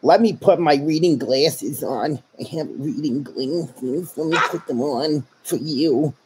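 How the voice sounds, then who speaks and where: A man playing a doddering old man, slow mumble, slightly high voice, loud noise behind. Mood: teasing. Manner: slow, mock-elderly mumble. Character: doddering old man fumbling with reading glasses.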